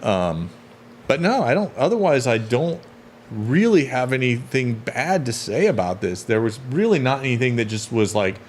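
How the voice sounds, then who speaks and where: A man co-hosting a casual spoiler review of a movie, laid-back and agreeable, thinking out loud as he talks. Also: medium pitch, big pitch swings, normal speed, a little hiss or hum. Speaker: co-host of a movie review show.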